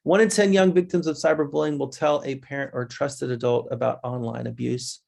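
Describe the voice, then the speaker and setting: This webinar presenter has a creaky, slightly mellow voice with fairly even intonation. He talks to his audience as guys in a restless, conversational manner, shifting pitch fast when mimicking children.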